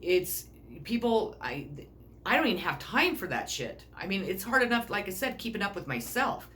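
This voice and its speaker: A woman's voice: medium pitch, big pitch swings, moderate pace, fairly bright tone, a little hiss or hum. A middle-aged woman giving a casual self-help talk, blunt and rambling, swearing freely. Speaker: personal growth speaker.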